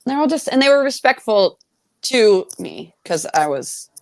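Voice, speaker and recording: A woman bartender chatting casually as a podcast guest, blunt and quick to swear and laugh. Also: a little high, very animated, no room sound. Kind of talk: casual chat.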